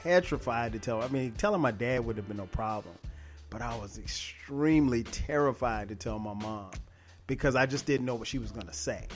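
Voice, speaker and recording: A man's voice: medium pitch, fairly quick, faint music behind. Easygoing man hosting a podcast chat. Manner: easygoing, laughs often, animated when retelling stories. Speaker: podcast host. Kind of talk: casual interview chat.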